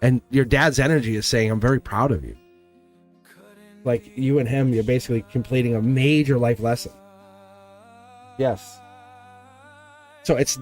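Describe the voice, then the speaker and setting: A man at a mid-range pitch gives a live tarot reading over soft music. He talks earnestly and with emphasis, circling back on his phrases and tripping over words as he goes. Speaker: tarot reader.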